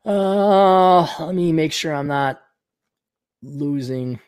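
A man's voice: a little high, very slow, a little mellow, clean tone, no echo. A man hosting his own talk show, ranting sarcastically and profanely, rambling with frequent restarts. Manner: sarcastic, profane, mocking voices. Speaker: podcast host.

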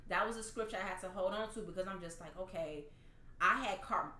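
A woman telling an emotional faith testimony in casual conversation, animated and laughing at times. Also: medium pitch, fairly quick. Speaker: guest sharing testimony. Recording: echoey room, faint noise.

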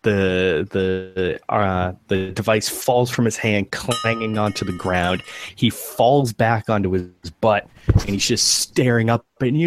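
A man's voice: on the low side, takes it slowly, a little hiss or hum. A man narrating as game master of a tabletop game, hesitant, with frequent fillers.

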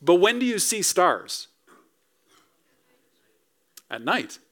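A pastor in his thirties delivers a Sunday sermon in a church. His voice sits a little higher than most men's, and he keeps it conversational, turning lines into rhetorical questions aimed at the congregation. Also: sing-song, extremely slow, fairly bright tone. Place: church sanctuary.

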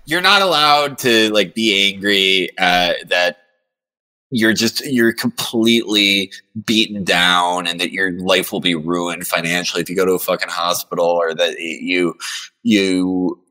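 A man's voice: deep voice, unhurried, bright, forceful tone, low-quality recording. A man talking as a podcast guest in casual chat, rambling with lots of fillers and swearing.

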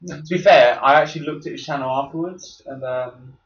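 A man's voice: fairly high pitch, fairly quick, fairly bright tone. A young man co-hosting a casual podcast, telling a rambling anecdote full of fillers and laughs. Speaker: podcast co-host. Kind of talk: casual chat. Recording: echoey room, dull sound with faint noise.

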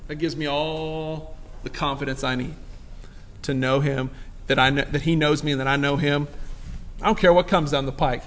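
A man preaching a sermon as pastor, excitable, swinging from soft off-the-cuff asides to loud bursts of praise. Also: a little high, moderate pace. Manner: laughing, off-the-cuff.

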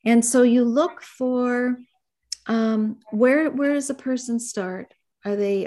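A middle-aged woman therapist being interviewed, speaking gently and reflectively about her work. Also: a little high, creaky. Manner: gentle, reflective, speaks in soft asides and acted client dialogue. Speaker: therapist and author, guest. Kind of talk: conversational interview.

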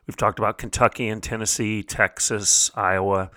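Male talk-show host, bright forceful voice, emphatic rhetorical monologue, dry close studio mic. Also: fairly low pitch, steady tone, normal speed, no echo. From United States. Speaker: podcast host.

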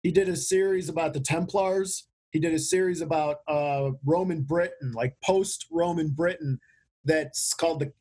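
A man's voice: a little high, fairly even intonation, normal speed, darkish tone, husky. A man chatting casually on a podcast, rambling with restarts and fillers as he describes a book. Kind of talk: casual chat.

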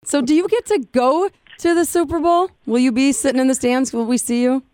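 A woman's voice: sits high, darkish tone, dry recording. Woman co-hosting, dry studio sound. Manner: reactive, quick questions. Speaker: radio co-host. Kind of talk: casual radio interview.

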